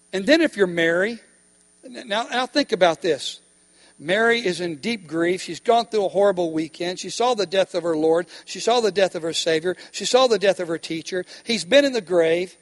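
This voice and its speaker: A man preaching a sermon with emphatic delivery, pausing to ask the congregation questions. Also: high voice. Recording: long hall reverb.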